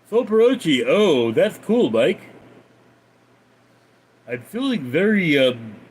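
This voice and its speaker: A man hosting a casual livestream, reading out viewer messages and replying in a deadpan way. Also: a little high, slow pace, slightly rough. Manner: reads out viewer names and messages, deadpan replies. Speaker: livestream host reading chat.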